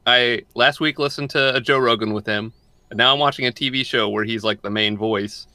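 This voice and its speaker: A man's voice: medium pitch, brisk, bright, forceful tone, dry recording. A young man co-hosting a podcast, chatting casually and rambling, often repeating and restarting his words. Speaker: podcast co-host.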